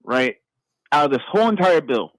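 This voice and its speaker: A man calling in to a talk show, fighting back tears and speaking in a halting, stammering way. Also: a little high, big pitch swings, no room sound, poor audio. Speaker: caller. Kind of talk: phone-in conversation.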